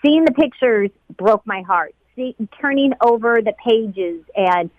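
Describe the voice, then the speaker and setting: A woman who was a flight attendant, being interviewed about a painful day. She talks in a halting, emotional way and often repeats herself. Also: on the high side, animated, no echo. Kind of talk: emotional personal recollection. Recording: dull lo-fi sound.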